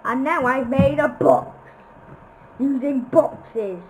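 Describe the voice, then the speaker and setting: A woman giving silly, goofy commentary over her own gameplay, chanting nonsense phrases and breaking into sudden shouts. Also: high voice, slow pace, a little hiss or hum, rough recording. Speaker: gameplay video maker.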